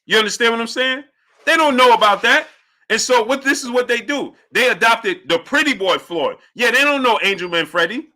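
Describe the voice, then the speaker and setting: Bright, forceful male boxing show host. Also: extremely high pitch, lively intonation, brisk. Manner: emphatic, repeats points, greets chat viewers by name. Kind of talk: live-stream sports commentary.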